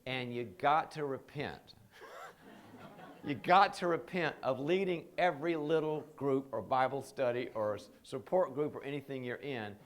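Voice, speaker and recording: A man's voice: medium pitch, measured pace. A man teaching a live training seminar in a conversational, joking way, often slipping into quoted voices.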